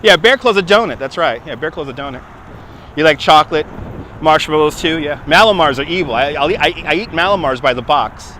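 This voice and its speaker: A man with a fairly high, bright and forceful voice hosts a relaxed outdoor livestream, chatting away and responding to viewer comments. He records on a phone mounted on a handheld gimbal while walking a city waterfront, with faint outdoor noise behind him. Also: fairly quick. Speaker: livestream host. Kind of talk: casual livestream chat.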